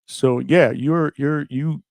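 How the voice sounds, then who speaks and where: A man hosting a live boxing stream, chatting casually in slang and giving shout-outs to viewers. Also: a little high, fairly even intonation, takes it slowly, creaky, no echo, studio quality. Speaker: host of a live boxing show.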